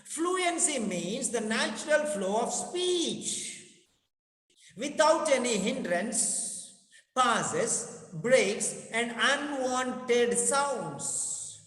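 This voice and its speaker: A spoken English teacher giving a classroom lecture, repeating key phrases slowly and speaking directly to students. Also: mid-range voice, expressive, a bit bright. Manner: instructive, addresses students directly. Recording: echoey hall with long reverb.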